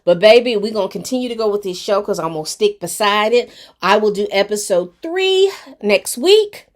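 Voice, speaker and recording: A woman's voice: mid-range voice, lively intonation, moderate pace. A woman giving a casual, chatty recap and review of a TV episode, talking straight to her viewers. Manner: chatty and colloquial, addressing viewers directly. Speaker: TV show reviewer.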